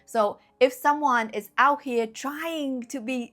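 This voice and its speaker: Earnest woman coaching, slightly high voice. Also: slow, a bit bright, soft background music. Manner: earnest, direct, checks in with listeners. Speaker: spiritual coach. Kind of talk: motivational talk to camera.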